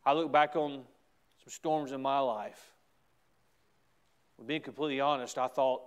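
A middle-aged man with a Southern US accent, preaching a sermon as pastor, swinging from hushed asides to loud, emphatic exclamations. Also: mid-range voice, steady tone, measured pace, long pauses, smooth.

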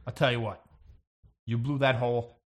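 A man playing the captain on the bridge in an improvised sci-fi role-play, delivering absurd lines in a deadpan, matter-of-fact way. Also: mid-range voice, moderate pace. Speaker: player as ship's captain on the bridge.

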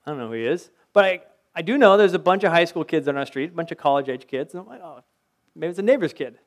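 A middle-aged pastor preaches fast in a slightly high voice, keeping the sermon conversational. He blends scripture with personal anecdotes and rhetorical questions.

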